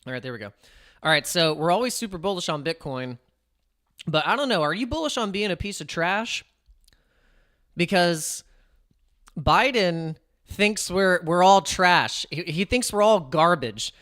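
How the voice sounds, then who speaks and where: A man's voice: high-pitched, lively intonation, unhurried, pauses often, fairly bright tone. Rambling, laughing crypto streamer man. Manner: rambling, self-interrupting, laughs often. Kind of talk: casual live-stream chat.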